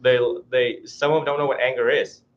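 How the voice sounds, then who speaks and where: A man's voice: medium pitch, steady tone, fairly quick. A man giving an informal dharma talk as a Buddhist teacher, chatty and self-mocking, laughing often and acting out little voices. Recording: dull lo-fi recording.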